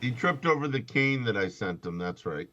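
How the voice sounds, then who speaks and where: A man's voice: medium pitch, lively intonation, moderate pace, fairly bright tone, highs cut off. Dry, sarcastic male talk host. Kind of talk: casual banter.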